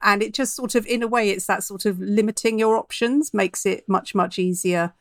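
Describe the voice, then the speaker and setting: A woman's voice: medium pitch, steady tone, normal speed, no room sound. Chatty woman author in dry studio. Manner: chatty, reflective, laughs easily. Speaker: author guest. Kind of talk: podcast interview.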